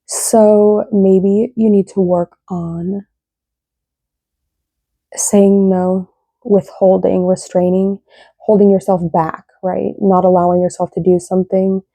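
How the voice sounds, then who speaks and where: A woman's voice: mid-range voice, flat delivery, takes it slowly, gravelly, dark tone, dry recording. A young woman giving a casual, rambling tarot reading, often tagging her sentences with "right?". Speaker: tarot reader.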